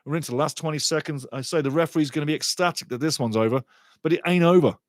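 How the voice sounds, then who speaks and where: Excitable man calling a soccer match. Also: a little high, racing, no room sound, studio quality. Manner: excitable, sarcastic, repeats phrases. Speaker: watchalong commentator. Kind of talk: live soccer watchalong commentary.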